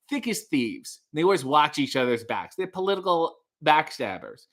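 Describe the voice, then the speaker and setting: A man's voice: medium pitch, very animated, moderate pace, hardly any pauses, a bit bright. A man hosting a casual live stream, reading viewer comments aloud and joking with chat. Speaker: livestream host.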